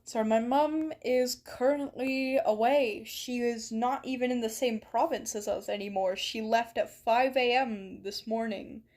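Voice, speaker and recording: A woman's voice: a little high, steady tone, measured pace, hardly any pauses, a little mellow. A woman streaming a game from her bedroom, chatting with viewers in a playful, mock-dramatic way. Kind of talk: live-stream chat while gaming. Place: bedroom at home.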